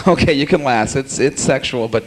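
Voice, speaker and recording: A young man doing stand-up comedy at a small cafe, teasing the audience in a rapid, jokey way. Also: mid-range voice. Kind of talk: stand-up comedy with crowd work.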